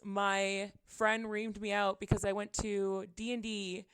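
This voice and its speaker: A woman's voice: mid-range voice, level tone, unhurried, a bit bright, clean tone, no room sound. A young woman chatting casually on her live stream from her apartment, giggling often, her voice a little tired, into a desk microphone.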